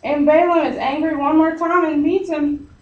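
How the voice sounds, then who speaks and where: A woman's voice: high-pitched, fairly even intonation, moderate pace, lo-fi sound. A woman teaching a Bible story to a group in a chatty, casual way, full of fillers and "he's like".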